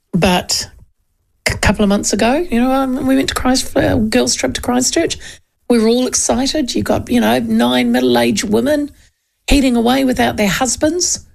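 A woman's voice: fairly high pitch, creaky, a little mellow. Chatty New Zealand woman radio host. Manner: chatty, storytelling, cheeky. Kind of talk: casual talkback chat reading listener texts.

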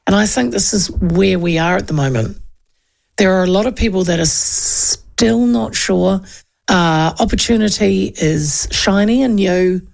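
Kiwi lady in her 50s doing talk radio, bit of gravel in the voice, rambly and chatty. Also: mid-range voice, unhurried, a little mellow. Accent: New Zealand. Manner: chatty, digressive, acts out quoted talk.

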